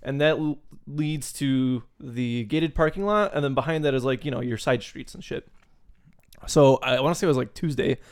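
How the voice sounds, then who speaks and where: A man's voice: medium pitch, normal speed, clear, resonant tone. A man co-hosting a podcast, telling loose, profane stories with plenty of laughs in casual chat. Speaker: podcast co-host.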